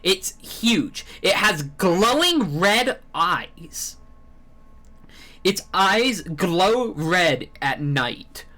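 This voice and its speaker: A man's voice: high-pitched, very animated, drawn-out words, pushed and bright. A man telling a rambling story on a live stream while eating pizza. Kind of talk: casual stream chat.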